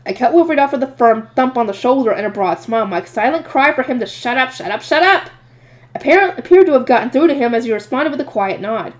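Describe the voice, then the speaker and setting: Fast, lively woman reading a novel aloud. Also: fairly high pitch. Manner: lively, expressive reading with voiced asides. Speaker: audiobook reader. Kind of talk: reading a light novel aloud, first-person narration.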